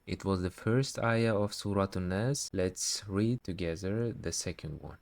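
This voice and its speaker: A man teaching Quran recitation step by step, patiently repeating syllables slowly. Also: deep voice, gravelly, a little mellow. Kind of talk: slow step-by-step recitation lesson.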